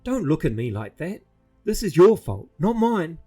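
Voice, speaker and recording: A man's voice: sits high, sing-song, normal speed, warm tone, breathy edge, soft background music, pitched above the performer's own voice, full character voice. A man voicing a young boy thief who argues heatedly with his companion.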